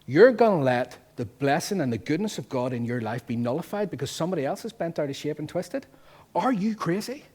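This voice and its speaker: Husky-voiced Northern Irish pastor preaching. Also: male voice, a little high, fast talker, hardly any pauses. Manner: lively, jokey preaching with rhetorical questions. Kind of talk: sermon. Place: church.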